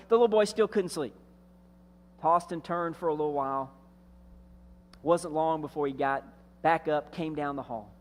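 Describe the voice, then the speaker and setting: High-voiced storytelling male pastor. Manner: storytelling, drawing out key words and trailing off softly. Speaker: senior pastor. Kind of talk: sermon.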